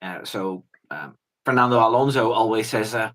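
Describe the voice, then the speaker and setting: A man's voice: on the low side, normal speed, fairly bright tone, poor audio. A man talking as a guest in a casual chat, rambling with fillers and false starts. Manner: rambling, many fillers and restarts, mimics people in quotes.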